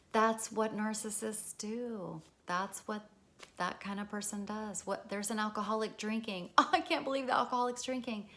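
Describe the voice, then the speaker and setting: A woman's voice: mid-range voice, pushed and bright. A middle-aged woman talking casually as a therapist and podcast host, candid and swearing freely, often acting out the people she describes. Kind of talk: casual spoken talk.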